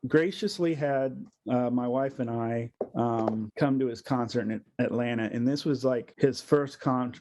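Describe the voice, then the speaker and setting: A man's voice: mid-range voice, measured pace, hardly any pauses, dull audio, noisy background. Chatty middle-aged man telling stories. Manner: chatty storyteller, laughs often, mimics other people's voices. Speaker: voice actor, interview guest. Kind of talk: casual interview chat.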